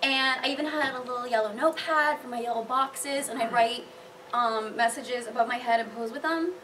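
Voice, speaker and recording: A woman cosplayer on a convention panel, chatting casually and telling animated stories with lots of laughter. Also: a little high, a little fast, distant mic, a little hiss or hum. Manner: bubbly, laughs often, animated storytelling.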